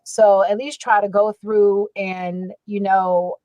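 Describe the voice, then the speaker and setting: A woman audiobook narrator in a casual panel chat, animated and quick to act out her own reactions. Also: mid-range voice, dry recording, low-quality recording. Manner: animated, quotes her own thoughts aloud.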